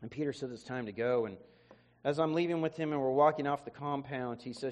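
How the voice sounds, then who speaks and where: A man's voice: medium pitch, brisk. A man preacher telling an emotional testimony in a sermon, often repeating words as he goes. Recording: long hall reverb.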